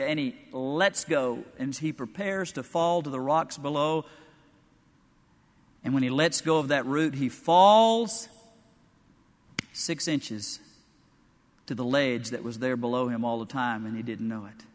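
A man preaching a sermon in a church sanctuary, telling stories with animated, emphatic delivery. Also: medium pitch, unhurried, long pauses, in a large hall. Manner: animated storytelling preaching, rising to emphatic peaks.

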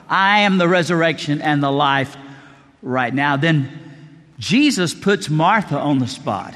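Male pastor, middle-aged, sermon storytelling, fairly high voice, long hall reverb. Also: expressive, measured pace, a bit bright. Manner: storytelling, acts out quoted dialogue.

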